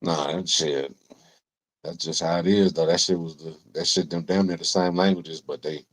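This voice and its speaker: A man's voice: low-pitched, steady tone, moderate pace. A man explaining at length in casual podcast chat, rambling and profane with many fillers. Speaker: podcast co-host.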